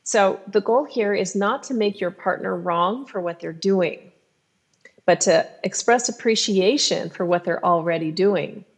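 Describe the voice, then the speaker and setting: A woman therapist speaks in a calm, explanatory tone at a middle pitch. She walks listeners through her advice step by step, in the manner of a podcast expert guest. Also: measured pace. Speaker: clinical sex therapist.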